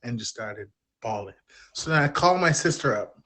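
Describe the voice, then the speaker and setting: A man's voice: medium pitch, animated, fairly quick, a bit bright. A man, a podcast guest speaking openly and in a rambling, self-deprecating way. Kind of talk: candid personal storytelling.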